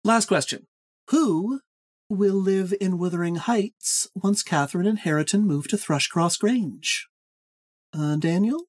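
A woman's voice: on the low side, a little slow, husky. A woman hosting a podcast book quiz, playful, handing out points. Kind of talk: casual podcast chat.

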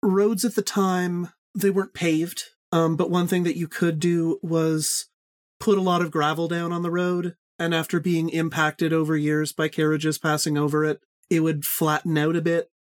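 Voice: mid-range voice, level tone, dry recording, studio quality. A podcast host running a casual book club pop quiz, teasing and swearing, speeding through explanations. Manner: teasing, profane, quick bursts of explanation.

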